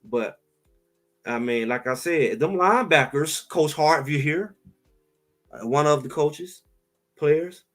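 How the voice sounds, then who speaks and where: A man co-hosting a sports talk show in casual, emphatic chat, trash-talking and animated. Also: on the high side, slow pace, pauses often, soft background music.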